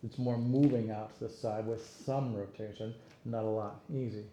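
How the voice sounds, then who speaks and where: A man leading an exercise class, counting reps and giving steady encouragement and cues. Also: lowish voice, moderate pace. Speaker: fitness instructor. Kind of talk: guided exercise class cueing. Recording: roomy echo, faint room noise.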